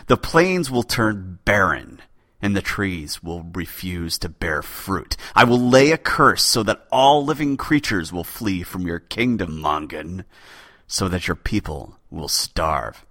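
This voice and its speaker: A man voicing an aging, hot-tempered male chief poet with a thin, raspy voice, booming and imperious. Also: expressive, slow, pushed and bright, dry recording, studio quality, exaggerated voice. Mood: furious.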